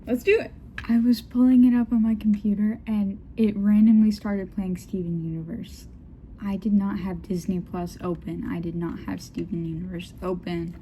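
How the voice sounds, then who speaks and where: A woman's voice: mid-range voice, warm tone, slight background noise. A young woman reading fanfiction aloud with giggly, joking asides. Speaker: vlogger.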